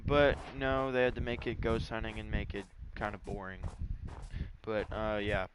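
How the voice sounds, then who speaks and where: A man's voice: on the low side, flat delivery, moderate pace. Rambling casual man over a noisy mic. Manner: rambling storytelling with many fillers. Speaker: gaming YouTuber. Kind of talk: casual gameplay chat.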